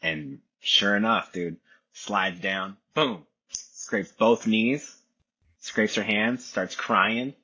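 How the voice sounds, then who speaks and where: A man's voice: on the low side, fairly even intonation, extremely slow, pushed and bright, husky, muffled recording. A young man telling stories in a laid-back casual chat, saying dude a lot and acting out voices. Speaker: podcast guest.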